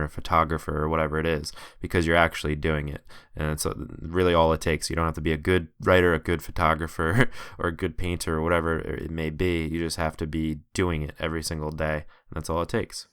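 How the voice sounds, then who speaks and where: Very deep-voiced, encouraging podcast host. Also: male voice, fairly bright tone, clean tone, no room sound, studio quality. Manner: encouraging, chatty, many fillers. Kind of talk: casual interview talk.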